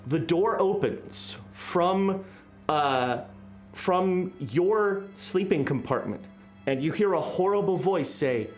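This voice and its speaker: A game master narrating a tabletop horror game in a casual, halting way, full of fillers. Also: mid-range voice. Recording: echoey room with faint music.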